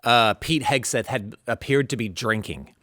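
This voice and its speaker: A man co-hosting a political chat, talking in an animated, indignant way. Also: mid-range voice, moderate pace, dry recording, clean studio sound.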